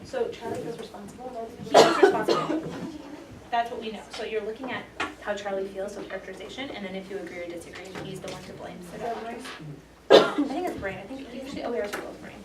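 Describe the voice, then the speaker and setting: A woman's voice: mid-range voice, fast talker. A woman teaching a class, upbeat and encouraging, playfully hyping the lesson. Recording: echoey room, mic far off, noisy.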